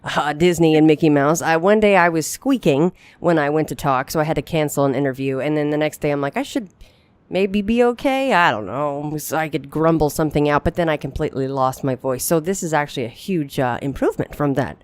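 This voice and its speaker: A woman interviewing guests in a casual chat, her voice husky as she gets over a cold. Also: sits low, a little fast, hardly any pauses, no echo. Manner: chatty, sympathetic. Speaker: radio interviewer.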